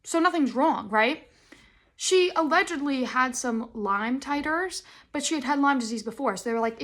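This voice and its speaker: A young woman hosting a podcast, telling stories in a rambling, animated way and acting out the quotes. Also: fairly high pitch, a little fast. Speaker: podcast host. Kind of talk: casual chat.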